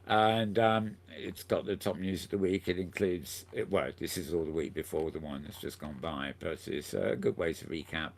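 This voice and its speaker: A man's voice: low voice, fairly even intonation, moderate pace, gravelly, few pauses, slight background noise. A man hosting a casual news roundup, rambling along with plenty of self-corrections and frequent chuckles. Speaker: show host.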